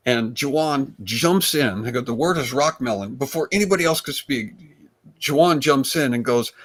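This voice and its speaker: A man, a comedian guest, telling stories in a rambling, animated way with frequent restarts. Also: mid-range voice, moderate pace. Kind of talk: casual storytelling chat.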